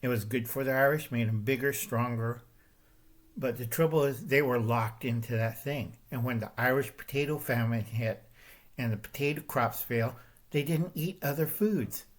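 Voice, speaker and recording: An older man runs his own channel and delivers a confrontational monologue, hammering his points home with repeated "okay?" and "all right?". It's a ranting talk to camera at a moderate pace and medium pitch.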